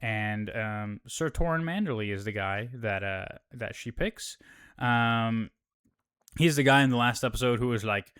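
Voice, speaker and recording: A man's voice: mid-range voice, unhurried, fairly bright tone, clear, resonant tone. A man hosting a casual show recap, talking in a laid-back, profane way with lots of fillers.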